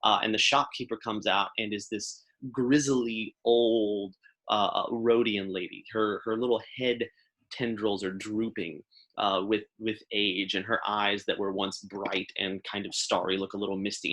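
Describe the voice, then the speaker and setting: A man's voice: on the low side, level tone, unhurried, fairly bright tone. A man narrating a tabletop game as game master, in loose, rambling descriptions full of fillers and restarts.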